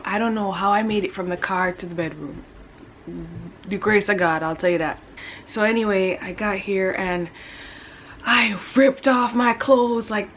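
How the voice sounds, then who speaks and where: A young woman vlogging, telling a personal story in a casual, animated way and acting out her own quotes. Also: medium pitch, a little hiss or hum. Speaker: family vlogger.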